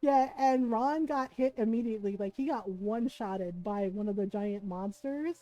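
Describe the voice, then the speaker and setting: Mellow-voiced woman telling a story. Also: fairly high pitch, moderate pace, low-quality recording. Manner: chatty, keeps asking "right?", laughs often. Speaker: livestreamer. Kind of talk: casual storytelling chat.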